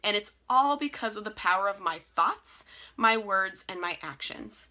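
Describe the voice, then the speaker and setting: Bright, upbeat woman. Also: mid-range voice, normal speed. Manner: energetic, encouraging, chatty with frequent laughs. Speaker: team leader giving a live training. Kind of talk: casual motivational talk. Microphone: phone or webcam in a live video.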